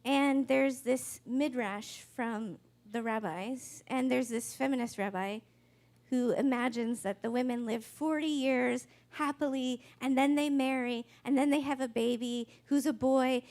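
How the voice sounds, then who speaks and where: A woman with a high voice delivers a sermon. She tells the story casually and wryly, like she is chatting with the congregation. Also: unhurried, a little mellow. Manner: conversational, wry storytelling preacher. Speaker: pastor.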